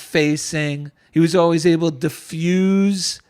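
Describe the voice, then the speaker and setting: Animated middle-aged East Coast man. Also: fairly high pitch, normal speed, clear, resonant tone. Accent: East Coast American. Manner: animated, gets choked up with emotion. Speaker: guest, author and veteran. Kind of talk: storytelling in conversation.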